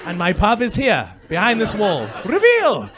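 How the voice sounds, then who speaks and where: Cheeky sweary comedian doing crowd work. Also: male voice, sits high, very animated, normal speed, a bit bright. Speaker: stand-up comedian. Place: comedy club stage. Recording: live comedy club crowd laughing.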